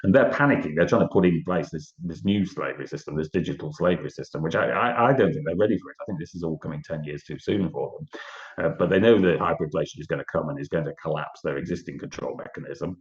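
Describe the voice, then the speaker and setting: A man with a British accent, a party guest in an interview, talking earnestly and quickly with many restarts. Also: a bass voice. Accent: British English. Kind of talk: conversational interview. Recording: echoey, dull lo-fi audio.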